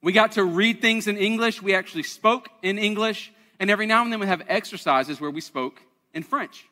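A man's voice: high-pitched, fairly quick, sharp tone, in a large hall. A man, preaching a conversational, self-deprecating sermon to his congregation in a church. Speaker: pastor. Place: church sanctuary.

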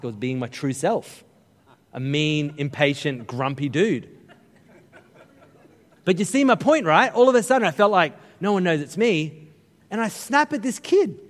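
A middle-aged Australian man preaching a sermon, telling funny stories with lively, joking asides to the congregation. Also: fairly high pitch. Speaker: pastor. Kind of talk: humorous storytelling sermon. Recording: long reverb of a large hall.

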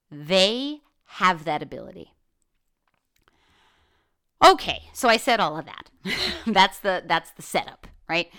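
A woman's voice: mid-range voice, expressive, slow, pauses often, fairly bright tone. A woman hosting a solo podcast, talking candidly and with plenty of swearing, saying "like" often and restarting her sentences. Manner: candid and profane, with lots of "like" and restarts. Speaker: podcast host. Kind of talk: casual solo podcast monologue.

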